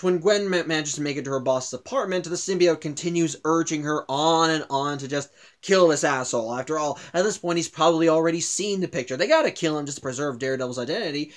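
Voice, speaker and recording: A man casually retelling a comic book's plot for a video review, often stopping and restarting his sentences. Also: on the high side. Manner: halting, with frequent restarts and self-corrections.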